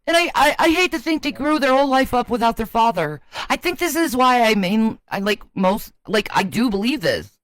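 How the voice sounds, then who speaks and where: A man co-hosting a casual chat, talking in an excitable, conspiratorial way. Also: very high voice, moderate pace, no room sound. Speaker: podcast co-host.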